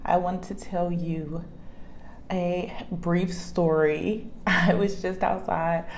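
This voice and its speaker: A middle-aged woman telling a funny story in a casual vlog, animated, laughing often and restarting her sentences. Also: lowish voice, slow, a little hiss or hum. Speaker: vlogger.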